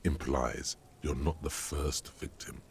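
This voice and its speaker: A super deep gravelly game narrator in your head, deadpan, faint hiss behind. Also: male voice, takes it slowly.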